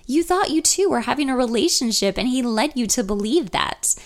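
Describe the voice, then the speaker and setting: A woman's voice: fairly high pitch, animated, pitched above the performer's own voice. Woman reading as a bold, reassuring best friend. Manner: reassuring, brisk.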